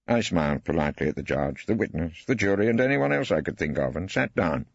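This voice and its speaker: A man's voice: a bass voice, lively intonation, a little fast, husky, no echo. A man reading first-person audiobook narration in a dry, understated way. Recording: dry, slightly dull studio.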